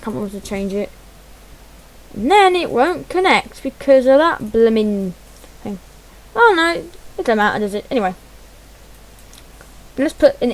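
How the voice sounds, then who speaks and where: A gaming channel host gives chatty, self-deprecating commentary on her gameplay, muttering to herself while fumbling through menus. Her voice is fairly high, and the recording is low quality.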